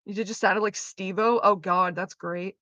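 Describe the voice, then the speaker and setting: A woman's voice: mid-range voice, steady tone, normal speed, pushed and bright, no room sound. A woman streamer chatting casually with her viewers, profane, sarcastic and ranting. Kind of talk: casual chat.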